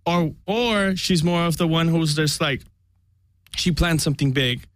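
A man's voice: a little high, measured pace, dry recording. Rambling young man, dry close mic. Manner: rambling storyteller, acts out quotes. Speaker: podcast guest. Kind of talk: casual chat.

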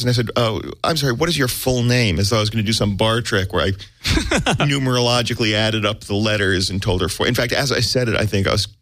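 A man's voice: on the low side, fairly bright tone, no echo. Wry American man telling a comic story. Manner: wry, self-mocking, vivid detail. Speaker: actor guest.

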